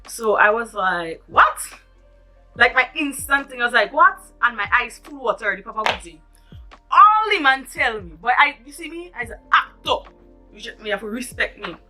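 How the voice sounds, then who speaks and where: A woman telling a storytime vlog, animated and dramatic, with frequent asides to her viewers. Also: fairly high pitch, normal speed, soft background music. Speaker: vlogger.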